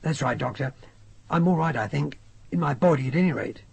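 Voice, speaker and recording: A polite, cautious young army captain, as a man voices him in an audiobook. The delivery stays close to the reader's own voice, raspy and gravelly. The pitch moves in a lively way. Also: brisk, heavily acted.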